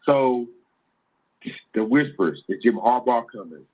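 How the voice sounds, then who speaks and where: A man co-hosting a sports podcast, heard through a thin, phone-like line. His pitch sits in the middle for a man, and he rambles in casual chat, circling back and restarting his sentences. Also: expressive, slow pace, slightly rough. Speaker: podcast co-host.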